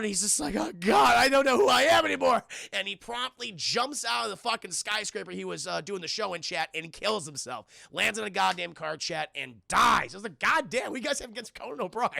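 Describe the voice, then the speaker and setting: A high, gravelly young man tells a movie's plot to his live chat, laughing and swearing as he goes. His voice is bright and edgy, recorded close and dry. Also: dry recording. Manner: laughs often, swears freely, acts out quotes. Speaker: film reviewer streaming live. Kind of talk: excited scene-by-scene movie recap to a live chat.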